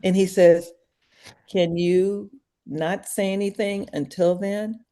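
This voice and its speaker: An older woman, a podcast guest, telling an animated story in a casual interview and acting out every voice in it, from hushed to shrieking. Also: medium pitch, slow pace.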